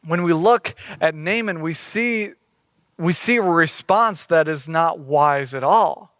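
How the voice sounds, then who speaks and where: A man's voice: fairly high pitch, slow, a bit bright, no echo, studio quality. A man preaching a sermon in a conversational way, reading scripture aloud and explaining it. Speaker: pastor.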